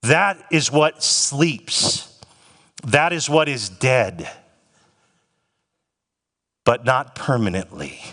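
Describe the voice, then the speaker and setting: A man's voice: medium pitch, sing-song, sharp tone. Emphatic male pastor in a reverberant hall. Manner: emphatic, slows down to stress scripture phrases. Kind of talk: sermon.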